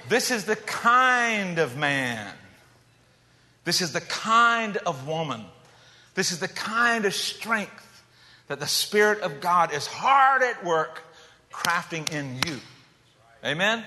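A man preaching a dramatic sermon, shifting between loud emphatic calls and hushed low asides. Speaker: pastor. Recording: long hall reverb.

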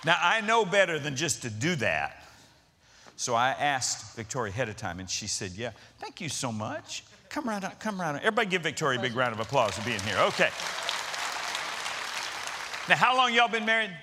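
A woman's voice: low voice, very animated, a little fast, sharp tone, a faint crowd, slight background noise. A woman pastor preaching to a congregation, telling a story with laughter and acting out the voices of people in it. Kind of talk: sermon with storytelling. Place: church before a congregation.

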